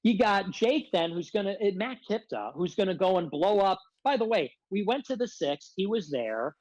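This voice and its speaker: A man's voice: sits high, very animated, normal speed, darkish tone, dry recording, rough recording. A man ranting as a guest on a livestream, confrontational and self-described as a hothead, repeatedly demanding answers. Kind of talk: heated casual rant.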